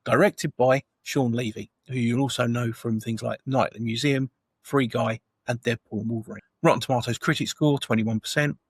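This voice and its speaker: A man's voice: medium pitch, steady tone, fairly quick, breathy edge, dry recording. A man co-hosting a casual film review podcast, steadily reading out film facts and questions. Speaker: podcast co-host.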